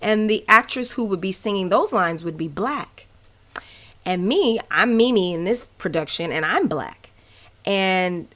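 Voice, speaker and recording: Candid Southern-accented woman telling stories. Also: lowish voice. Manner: candid, animated, many fillers. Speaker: podcast host. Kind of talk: casual personal storytelling.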